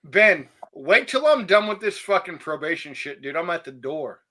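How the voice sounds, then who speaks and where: Guest: brash profane guy, high bright voice that swings widely in pitch. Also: sing-song, normal speed. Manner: brash, profane, says "dude" constantly. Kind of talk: casual livestream chat.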